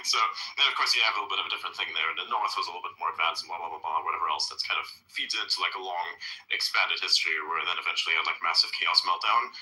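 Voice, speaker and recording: A man's voice: low voice, fast, bright, forceful tone, echoey room, low-quality recording. A man hosting a podcast in casual chat, rambling and loose, swearing freely. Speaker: podcast host.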